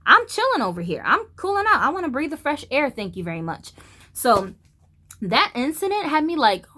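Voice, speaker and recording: A woman in her thirties from the United States, ranting and telling a story to camera in a blunt, profane, animated way. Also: high-pitched, normal speed. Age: 30s. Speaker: vlogger. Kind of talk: casual storytelling rant.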